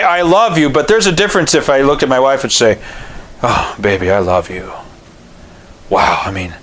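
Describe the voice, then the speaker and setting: A man's voice: on the high side, fairly bright tone. Middle-aged man preaching a folksy sermon. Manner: folksy storytelling preacher, acts out quoted voices. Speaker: pastor. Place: church.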